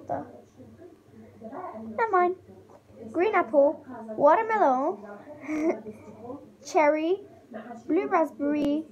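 A woman's voice: high-pitched, a little mellow. A woman doing a casual taste-test vlog, chatty and rambling, with lots of fillers as she talks. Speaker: vlogger.

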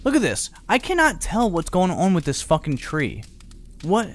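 A young man casually commenting on a horror game he is playing, profane and prone to loud startled outbursts. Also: high voice, wildly swooping pitch, normal speed. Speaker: gaming channel host. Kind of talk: let's play commentary.

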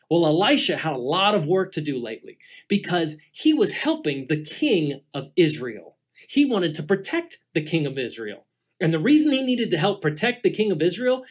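A middle-aged man tells a Bible story to children as a guest teacher. His pitch swoops widely as he dramatizes the tale, and he sometimes sinks to a near hush to build suspense. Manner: animated, dramatic storyteller, shifts to hushed tones.

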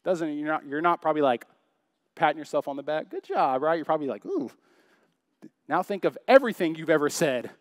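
A man's voice: fairly high pitch, fast talker, dry recording, studio quality. A young adult man preaching a sermon in church, chatty and joking, full of rhetorical questions. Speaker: pastor.

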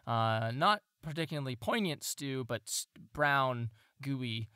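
A man's voice: medium pitch, lively intonation, slow pace, sharp tone, clean tone, dry recording, clean studio sound. A man narrating as game master, rambling and correcting himself as he describes scenes.

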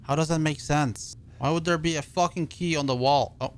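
A male streamer giving live gameplay commentary, loud and excitable with constant swearing. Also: a little high, normal speed, a little hiss or hum.

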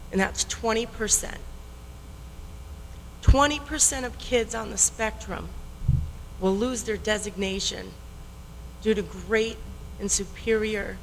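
Woman, resident at public hearing: shaky, weepy voice, passionate and insistent, bright tone, reverberant hall. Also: mid-range voice, a little hiss or hum. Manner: passionate, emphatic, repeats key points. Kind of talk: public comment. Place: town meeting hall. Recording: long reverb in a meeting hall.

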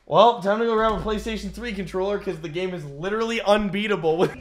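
A man commentating his gameplay, sarcastic and excitable, often shouting at the game. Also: high voice, fast, hardly any pauses, soft background music. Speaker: gaming video host. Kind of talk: let's play commentary.

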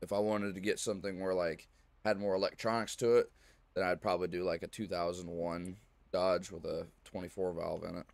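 A man streaming a farming game, chatting casually and rambling, often clearing his throat. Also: deep voice, little pitch movement, a little fast, darkish tone, no echo. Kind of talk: casual live-stream chat.

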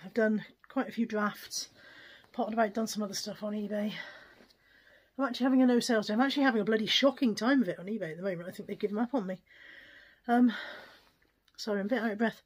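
A woman's voice: medium pitch, breathy edge. Chatty British woman vlogging at home. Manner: chatty, frank, self-deprecating. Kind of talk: casual chat to camera. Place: at home, kitchen and bedroom.

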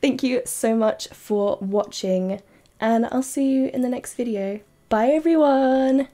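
A woman streaming a game live, chatting casually and giggling, with bursts of excited squeals. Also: a little high, measured pace. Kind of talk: casual live-stream chat while playing.

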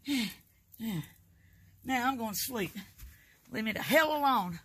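A woman's voice: a little high, animated, slow pace, husky. An older grandmother cursing and grumbling inside a tent, recorded on a phone. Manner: cursing, cranky, threatening in jest. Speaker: grandmother on a camping trip. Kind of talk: profane grumbling in a home video.

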